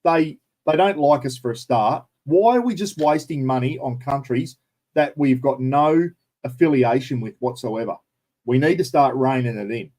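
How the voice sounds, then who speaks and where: A man's voice: mid-range voice, normal speed, mellow. A middle-aged Australian man hosting a casual live stream and answering viewers, blunt and opinionated, swearing now and then. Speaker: livestream host.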